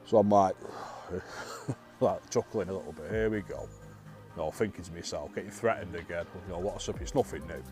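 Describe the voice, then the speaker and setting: A man's voice: deep voice, fairly quick, warm tone, soft background music. A man, a bus driver, telling a story casually, laughing often and restarting his sentences in a self-deprecating way.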